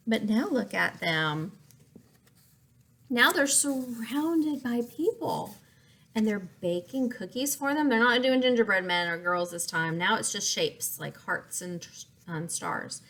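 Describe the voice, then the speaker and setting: Expressive woman reading a picture book. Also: on the high side, unhurried, gravelly. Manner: expressive, asks listeners questions, explains words. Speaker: story reader for children.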